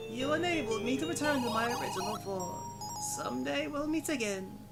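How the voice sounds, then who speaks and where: A man voicing a grateful young woman released from a curse, speaking slowly and formally as he reads a game's ending dialogue. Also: very high-pitched, vocal fry, loud music behind the voice, voice pushed up.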